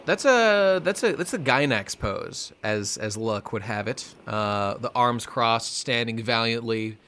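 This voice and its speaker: A man co-hosting a podcast, chatting casually and excitably about a manga chapter with playful asides. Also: medium pitch, unhurried, a little hiss or hum. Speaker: podcast co-host.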